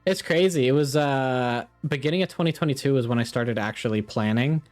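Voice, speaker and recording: A man's voice: medium pitch, a little fast, soft background music. Chatty upbeat man streaming a game. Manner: chatty, upbeat, laughs often. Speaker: streamer hosting a gaming stream. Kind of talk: casual chat while gaming.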